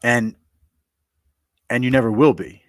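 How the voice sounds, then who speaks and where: A man's voice: medium pitch, unhurried, no echo, studio quality. A man bluntly retelling an argument in a monologue, stammering and repeating himself as he goes. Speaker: commentator telling a personal story. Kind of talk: monologue recounting a conversation.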